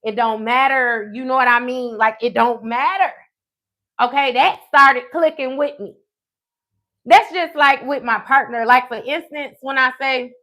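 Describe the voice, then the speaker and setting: A tarot reader with a fairly high voice tells a personal story on a live stream, animated and profane, often checking in with "okay?"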